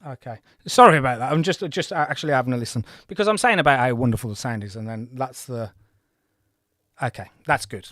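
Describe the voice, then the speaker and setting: A man in his forties talks through a game on his livestream, chatty and rambling, often poking fun at himself. His voice sits at an ordinary middle pitch and the recording is dry and close. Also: animated, a little fast, a bit bright, dry recording. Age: 40s. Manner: chatty, rambling, self-deprecating. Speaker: gaming livestream host. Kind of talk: casual livestream commentary.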